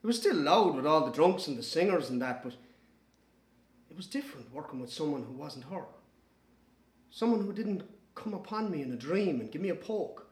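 An actor voicing a gentle, sensitive Irish man who narrates softly and tenderly about his sister. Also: fairly high pitch, sing-song, moderate pace, pauses often, reverberant. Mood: wistful. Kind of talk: dramatic first-person narration.

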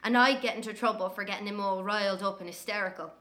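An actress voicing a blunt, sharp-tongued Irish woman who narrates her childhood with an earthy, cursing manner. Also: medium pitch, steady tone, close to an everyday voice. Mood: candid, wry. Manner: brisk, earthy storytelling with cursing. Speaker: narrator recalling her twin brother. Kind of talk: dramatic first-person narration.

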